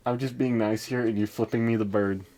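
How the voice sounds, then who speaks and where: A man's voice: mid-range voice, a little mellow. A young man co-hosting a podcast, rambling casually with lots of fillers and laughter. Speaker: podcast co-host. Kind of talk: casual chat.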